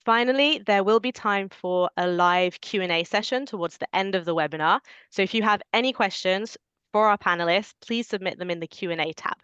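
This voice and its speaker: A woman moderating an online webinar, giving clear and orderly introductions in a welcoming way. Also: medium pitch, fairly quick, fairly bright tone, dry recording, highs cut off. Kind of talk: scripted webinar hosting.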